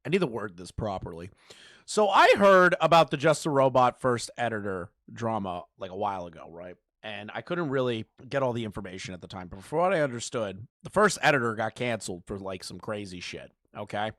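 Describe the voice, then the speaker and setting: A man giving sarcastic, profane reaction commentary, mocking what he hears and breaking into loud outbursts. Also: lowish voice, expressive, a little fast, dry recording. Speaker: commentary YouTuber. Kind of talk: reaction commentary over a call recording.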